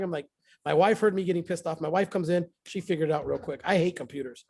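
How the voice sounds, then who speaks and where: A man sharing a success story with his team in a casual motivational talk, excitable and repeating phrases for emphasis. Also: high voice, quick pace, creaky, husky.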